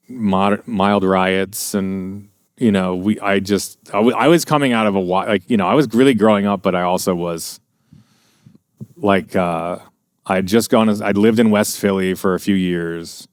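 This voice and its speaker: A man's voice: lowish voice, smooth, dry recording, studio quality. A middle-aged American man telling profane, rambling anecdotes in a casual podcast chat. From USA. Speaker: podcast guest. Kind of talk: casual storytelling.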